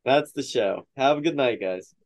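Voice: mid-range voice, lively intonation, normal speed, rough recording. A podcast co-host chatting casually over a video call, rambling with lots of fillers. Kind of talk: casual chat.

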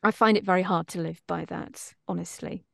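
A woman's voice: lowish voice, steady tone, brisk, vocal fry, dry recording, studio quality. Chatty middle-aged woman. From Britain. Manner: chatty, self-deprecating, many restarts. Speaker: voice actress guest. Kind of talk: casual interview chat.

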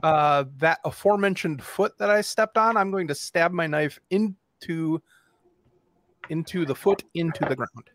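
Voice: medium pitch, unhurried, fairly bright tone, no room sound. A player playfully describing a character's actions in a tabletop game.

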